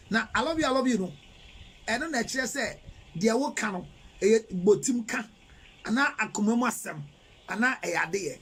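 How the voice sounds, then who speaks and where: A man's voice: high-pitched, expressive, moderate pace, a bit bright, a little hiss or hum. A middle-aged man with a Ghanaian English accent, giving relationship advice on a live stream in an emphatic, lecturing way with rhetorical questions. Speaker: relationship counselor. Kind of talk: live-stream advice talk, reading viewer messages.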